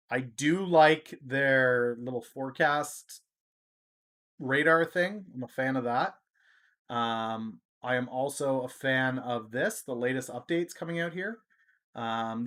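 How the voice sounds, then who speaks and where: A man's voice: mid-range voice, a bit bright. Joking Canadian man hosting a livestream. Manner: joking, rambling, with many fillers. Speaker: livestream host. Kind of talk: casual livestream commentary.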